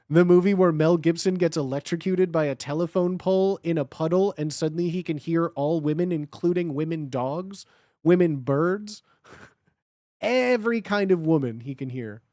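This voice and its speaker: A man with a fairly high speaking voice chats casually on a stream. He rambles, stacking up filler words. The sound is dry and close. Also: dark tone, dry recording. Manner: rambling, with lots of filler words, and quick laughs. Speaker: guest on a livestream. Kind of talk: casual chat.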